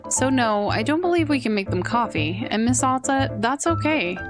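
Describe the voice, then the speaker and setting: A calm, reassuring tea shop keeper from a video game, as a woman reads him aloud. He speaks with quirky grammar and a soothing patience. The voice is fairly high. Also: normal speed, music in the background, close to an everyday voice. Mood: gentle.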